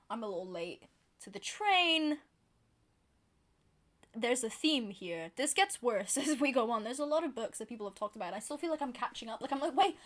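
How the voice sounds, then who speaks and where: A British woman vlogging about books in a chatty, rambling, self-deprecating way. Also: high-pitched. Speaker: book vlogger. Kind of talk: casual chat to camera.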